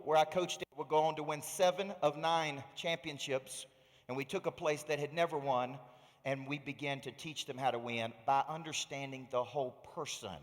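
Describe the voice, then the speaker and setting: Energetic motivational speaker in a reverberant hall. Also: male voice, on the high side. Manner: energetic, preacherly, engages the audience with questions. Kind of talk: motivational stage speech. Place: large hall before a live audience.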